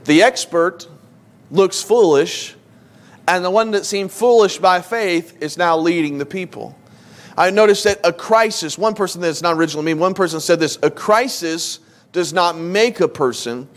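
A man's voice: high voice, normal speed. A man teaching a Bible lesson in a loose, conversational preaching style, stopping to put questions to his listeners. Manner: informal, asks the audience questions.

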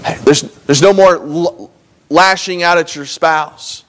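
A young man preaches with earnest, conversational energy, often restarting his sentences and leaning into points for emphasis. His voice sits somewhat higher than typical for a man. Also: takes it slowly, fairly bright tone. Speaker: pastor. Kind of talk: sermon.

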